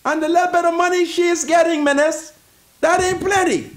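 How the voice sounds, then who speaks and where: High-pitched, preaching Bahamian man. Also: steady tone, a little fast, echoey room. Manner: preachy, pleading, repeats words, bursts into shouting. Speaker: commentary show host. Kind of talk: impassioned political commentary.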